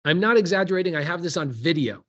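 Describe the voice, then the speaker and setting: A man in a casual podcast conversation, telling a story with animated energy and casual slang, as a real estate investor. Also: fairly high pitch, fast, muffled recording.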